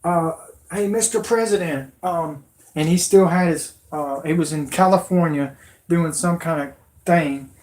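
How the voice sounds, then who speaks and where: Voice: mid-range voice, fairly even intonation, measured pace, a little mellow. A livestream host giving an agitated, emotional, rambling rant into a computer microphone. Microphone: computer mic.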